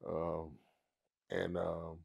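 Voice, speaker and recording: A man's voice: drawn-out words, gravelly, husky. A middle-aged man, a comedian, telling a story casually in an interview and acting out the other people in it. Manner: animated storyteller who acts out others in high squeaky voices. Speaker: comedian guest.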